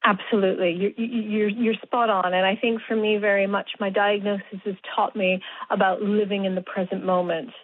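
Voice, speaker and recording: A woman being interviewed on the radio as a guest, explaining things in a measured, reflective way over a phone line. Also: mid-range voice, flat delivery, no echo. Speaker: guest, doctor and mountaineer.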